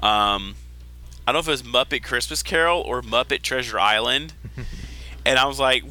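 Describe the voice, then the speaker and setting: Young male podcast host, very bright crisp tone, loose chatty delivery. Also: medium pitch. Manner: chatty, quick asides, laughs at own jokes. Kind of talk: casual chat.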